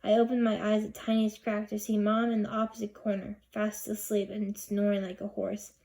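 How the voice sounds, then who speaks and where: A woman's voice: medium pitch, little pitch movement, moderate pace, gravelly, warm tone. A woman narrating a children's chapter book in first person, reading expressively. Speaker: audiobook reader. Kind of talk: storybook narration.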